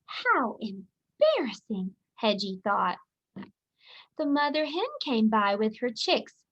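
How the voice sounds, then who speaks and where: Slow, clear woman teacher reading aloud. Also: on the high side, animated, fairly bright tone. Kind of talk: reading a picture book aloud. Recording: dull lo-fi audio.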